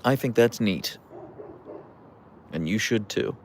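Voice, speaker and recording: A tired, relaxed man hosting a casual livestream, rambling with fillers as he answers viewer comments. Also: lowish voice, slow, slight background noise. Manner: relaxed, rambling, with fillers, soft coos to the dogs. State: tired, yawning. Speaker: livestream host with pet huskies.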